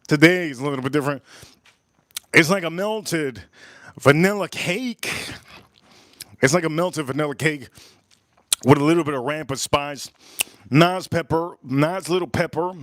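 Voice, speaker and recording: A man's voice: on the high side, moderate pace, a bit bright, no echo, clean studio sound. A man reviewing whiskey in casual live-stream chat, enthusiastic and repeating his phrases.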